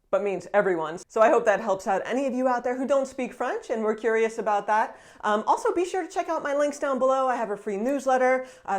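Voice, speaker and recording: A woman in her thirties from the United States, talking to camera in a chatty, upbeat vlog style with frequent fillers and laughs. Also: medium pitch. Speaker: vlogger. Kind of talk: casual vlog talk to camera.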